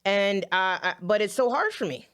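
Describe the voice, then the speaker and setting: A woman's voice: mid-range voice, expressive, moderate pace, a bit bright, smooth. A woman giving impassioned commentary straight to her viewers, earnest and close to tears, repeating herself as she speaks. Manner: earnest, emotional, addresses viewers directly, repeats phrases. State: holding back tears.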